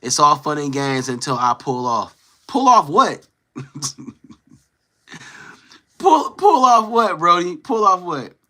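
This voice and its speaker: A man's voice: a little high, big pitch swings, slow pace, long pauses, sharp tone. A young man streaming live, casually chatting with his viewers and playfully teasing trolls in the chat. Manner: teasing, playful trash talk.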